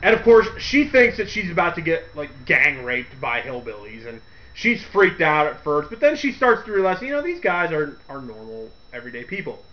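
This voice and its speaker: A man hosting a radio segment, giving a casual, rambling movie review with frequent laughs and quick character impressions. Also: fairly high pitch, sing-song, muffled recording. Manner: rambling, laughs often, acts out quotes in character voices.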